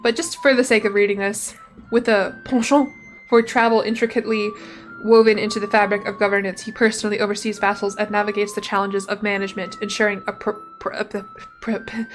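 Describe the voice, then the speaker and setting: A woman streaming from her room at home, chatting playfully with her viewers and reading game text aloud into a desk mic. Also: fairly high pitch. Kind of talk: casual gameplay commentary.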